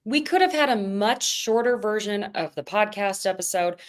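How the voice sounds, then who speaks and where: A woman's voice: medium pitch, normal speed. Chatty woman recapping. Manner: chatty, animated, quotes others in put-on voices. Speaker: podcast co-host. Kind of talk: casual recap chat.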